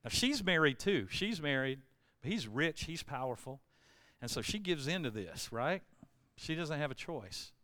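A man delivers a sermon as a pastor, putting a scripture story into ordinary words and rising to loud, emphatic outbursts. He has a mid-range voice, and the recording carries no echo.

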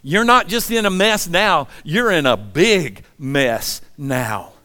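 A man in his sixties preaching a sermon in a relaxed, conversational storytelling way, often asking the congregation questions. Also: a little high, slow. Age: 60s. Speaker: pastor.

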